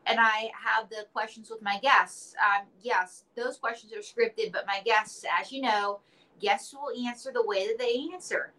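A woman's voice: fairly high pitch, fairly even intonation, unhurried, pushed and bright, low-quality recording. A woman being interviewed, chatting casually and telling stories with playful acted quotes. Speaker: interview guest, entertainer and author.

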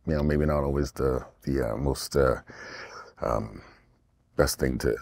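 A middle-aged actor from England, speaking as an interview guest in a rambling, animated way with many restarts. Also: male voice, extremely low pitch, a little slow, creaky, dry recording, studio quality. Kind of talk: casual interview talk.

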